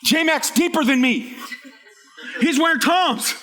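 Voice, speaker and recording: A male preacher with a high, ringing voice works the room in an energetic sermon. He jokes with the congregation and shouts his main points for emphasis. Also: takes it slowly, soft background music. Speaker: pastor. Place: church hall with a live congregation.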